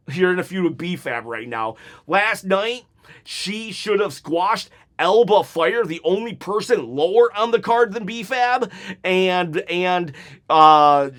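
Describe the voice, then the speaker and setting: A man's voice: sits high, a bit bright. Fired-up man ranting about wrestling. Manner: heated, exasperated, sarcastic mock voices. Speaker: wrestling commentary YouTuber. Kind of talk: ranting hot-take commentary.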